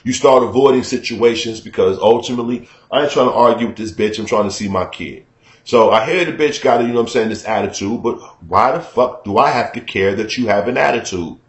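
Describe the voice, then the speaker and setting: A man's voice: medium pitch, reverberant. A man telling a personal story to his viewers as a profane, conversational rant, often checking in with the listener. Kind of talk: casual storytelling rant to camera.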